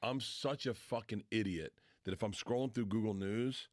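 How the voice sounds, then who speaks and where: Animated, self-deprecating middle-aged man, deep voice. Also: normal speed, no room sound. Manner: animated, self-deprecating, heavy swearing, acts out voices in anecdotes. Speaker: podcast guest, comedian. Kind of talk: casual storytelling.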